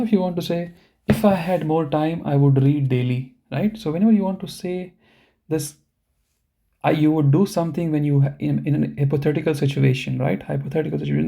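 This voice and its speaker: Dark, gravelly male language teacher. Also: on the high side. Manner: explains step by step, often checking with "right?"; slow, deliberate pronunciation of example words. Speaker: German teacher. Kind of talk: live online language lesson.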